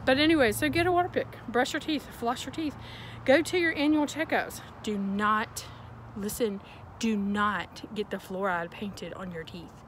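Woman, casual vlog rant, animated and exasperated, fairly high voice, faint street traffic behind. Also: moderate pace, poor audio. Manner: animated, exasperated, folksy storytelling. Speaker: vlogger.

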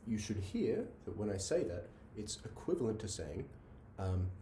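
A man's voice: on the low side, big pitch swings, normal speed, mellow, a little hiss or hum. A man giving a university logic lecture, working through examples and checking in with "right?" between fillers. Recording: roomy echo, voice from a distance, faint ambience.

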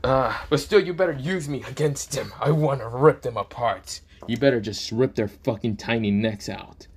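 A man's voice: medium pitch, moderate pace, slightly rough, lightly acted. A man voicing a crude, bloodthirsty dragon spirit living in a gauntlet, eager for a fight.

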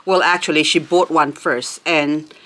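A woman's voice: low voice, steady tone, measured pace, sharp tone. A woman hosting a plant haul vlog, chatty and gushing, laughing often as she unwraps her plants. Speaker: succulent channel host.

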